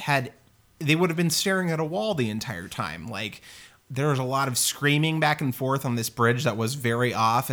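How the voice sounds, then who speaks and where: Man, podcast host, casual movie chat, crude, animated, filler-heavy. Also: mid-range voice.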